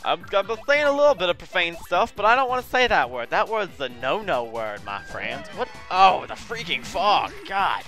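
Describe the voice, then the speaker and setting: A man's voice: on the high side, very animated, moderate pace, hardly any pauses, pushed and bright, faint music behind. A man giving chatty video game commentary, often calling viewers his friends and apologizing for what he says. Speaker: let's play host.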